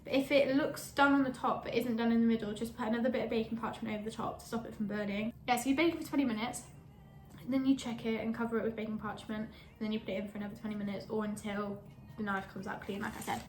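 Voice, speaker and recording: A woman's voice: a little high, steady tone, quick pace, darkish tone. A young woman, a lifestyle blogger, chatting casually in her home kitchen with rambling, giggly asides and a slightly breathless delivery. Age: young adult. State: a bit out of breath.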